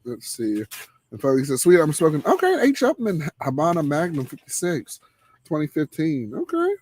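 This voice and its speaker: A man hosting a live cigar show in casual chat, laid-back and laughing, trailing off into low murmurs. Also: huge pitch swings, a little fast, darkish tone.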